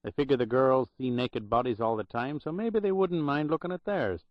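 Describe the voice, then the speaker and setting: A man voicing a talkative, wry elderly Irish hospital clerk with a loud brogue, on a dull, dry recording. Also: medium pitch, moderate pace, no echo, pitched above the performer's own voice, natural voice. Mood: sardonic. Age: older. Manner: loud brogue, sardonic storytelling.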